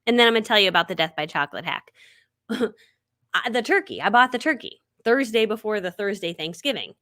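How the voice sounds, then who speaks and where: Brisk, a bit bright, and lively in intonation, the medium-pitched voice belongs to a middle-aged woman hosting a live stream. She chats through stories, laughing frequently and acting out what people said.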